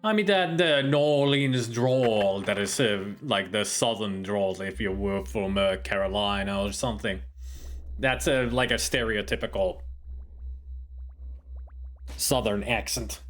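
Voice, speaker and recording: A man's voice: fairly low pitch, unhurried. A man streaming a video game, chatting and joking with rambling asides as he plays. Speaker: gameplay streamer. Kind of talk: casual gameplay commentary.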